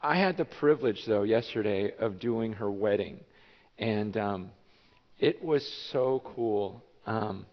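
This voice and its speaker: A man preaching a sermon as pastor, telling a story in an animated, emotional way. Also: on the low side, takes it slowly. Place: church sanctuary. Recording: dull echoey church hall.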